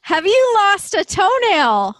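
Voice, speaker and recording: High, lively woman podcast host. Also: slow pace, dry recording, studio quality. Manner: upbeat, laughs often. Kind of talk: casual interview chat.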